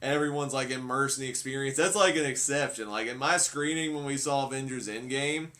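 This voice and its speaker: A man as a guest in a casual movie chat, talking in a relaxed way with many fillers. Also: mid-range voice, a little fast. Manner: relaxed, uses lots of "like" and "uh".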